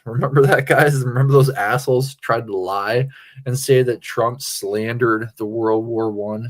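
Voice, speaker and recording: Man, tipsy, crude, meandering livestream talk, mid pitch. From Pennsylvania. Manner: meandering, crude, self-interrupting. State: tipsy from drinking. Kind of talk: rambling casual livestream chat.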